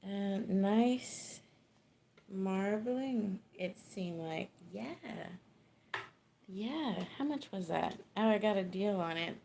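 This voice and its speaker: A woman's voice: medium pitch, lively intonation, takes it slowly, creaky, warm tone, slight background noise. A woman with a Texan accent chatting casually on a livestream from her small home, laid-back and chatty, laughing often and greeting viewers.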